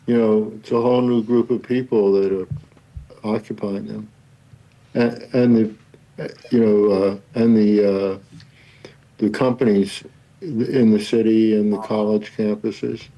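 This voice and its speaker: A man in a casual studio chat telling halting, rambling anecdotes. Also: on the low side, steady tone, muffled recording.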